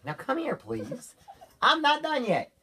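A man talking to his young daughter at home at bedtime, loud and teasing, ending lines with "okay?". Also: extremely high pitch, huge pitch swings, unhurried, slight background noise. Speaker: father.

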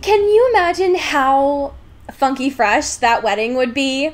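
A woman's voice: high-pitched, unhurried. A woman co-hosting a casual podcast, recapping a book with lots of laughs and fillers. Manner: giggly, animated, lots of fillers. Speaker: podcast co-host.

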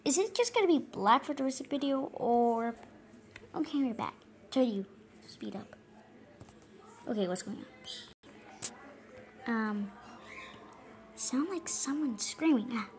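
Mickey Mouse, squeaky and slow, as a woman puts him on. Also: animated. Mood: uneasy, puzzled. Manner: rambling, nervous, prone to frantic yelps. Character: squeaky cheerful male cartoon mouse. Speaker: fan voicing a reaction video. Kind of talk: in-character reaction commentary.

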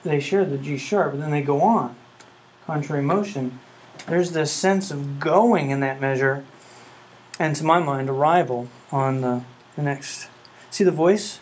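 A man's voice: on the high side, unhurried, rough recording. Earnest man lecturing to a class. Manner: earnest, asks rhetorical questions, hums melodies. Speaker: music professor.

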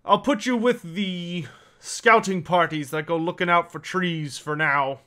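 A man voicing a blunt, pipe-smoking male dwarf foreman in a tabletop game, talking in a gruff, curt, folksy way. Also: sits high, a little slow, pushed and bright.

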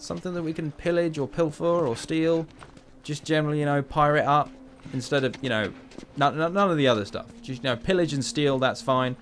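A man talks his way through a video game in casual let's play commentary. He is playful and chatty, joking to himself at a mid pitch. A faint hiss sits under the voice. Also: fairly quick. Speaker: gamer.

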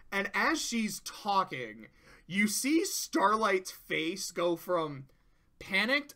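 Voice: mid-range voice, measured pace. A cartoon reviewer in casual commentary, rambling and swearing freely while retelling an episode. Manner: profane, rambling, animated.

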